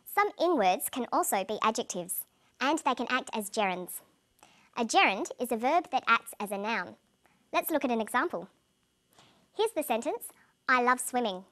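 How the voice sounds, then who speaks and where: A woman with a fairly high voice hosts a scripted English lesson. She speaks clearly and carefully, pronouncing each word for learners. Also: big pitch swings, fairly bright tone. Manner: clear, measured, carefully enunciated delivery. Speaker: English language teacher presenting the lesson. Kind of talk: scripted educational presenting.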